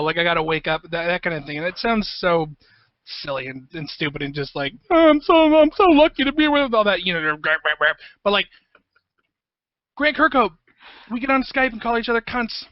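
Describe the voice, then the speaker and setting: A man, a composer guest, telling stories in a rambling, profane, excitable way in a casual interview. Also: high-pitched, no room sound, dull audio. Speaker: guest, video game composer.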